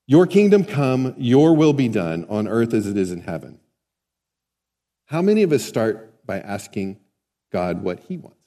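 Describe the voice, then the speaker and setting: A man's voice: mid-range voice, big pitch swings, a little slow, mellow. A man preaching a sermon in a conversational way, often asking the congregation questions. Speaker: pastor. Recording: long hall reverb.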